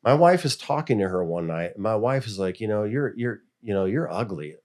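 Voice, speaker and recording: Here the school board member, a middle-aged American man, speaks briskly with a lowish voice over a faint hiss or hum. Relating stories in an informal interview, he's animated and imitates the people he quotes.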